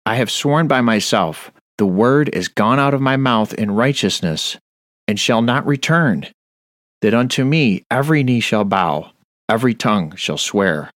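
A man's voice: mid-range voice, expressive, a little slow, fairly bright tone, no room sound, studio quality. A man preaching a Bible study on a radio show, earnest and stern, reading scripture aloud. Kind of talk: sermon-style Bible study.

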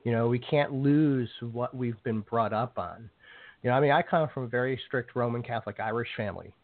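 A man hosts a casual podcast-style talk show at a medium pitch and a fairly quick pace, speaking loosely and dropping "you know" again and again. The recording is dry with no echo, and it has a thin, tinny phone-line quality.

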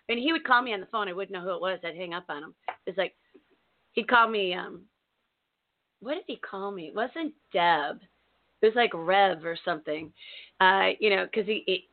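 A woman co-hosting a talk show, telling a story in a casual, animated way with many restarts. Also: medium pitch, normal speed. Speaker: co-host. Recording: narrow phone-like sound.

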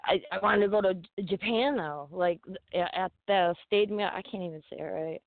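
A woman's voice: mid-range voice, moderate pace. A woman guest telling stories in a casual, profane, laughing manner on a podcast. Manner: profane, laughing, animated storyteller. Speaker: guest fighter. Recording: tinny phone-like line.

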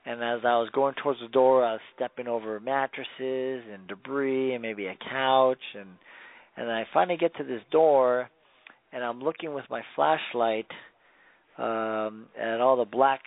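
A firefighter guest telling a long story in a rambling, casual way, with many fillers and restarts. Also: male voice, mid-range voice, dry recording. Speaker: firefighter guest on a radio talk show. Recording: dry tinny phone line.

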